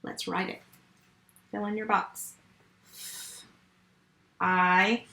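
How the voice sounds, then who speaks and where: A woman's voice: mid-range voice, flat delivery, creaky, sharp tone, reverberant. A woman teaching a first grade phonics lesson remotely, patient and step by step. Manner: slow, patient, step-by-step teaching to young children.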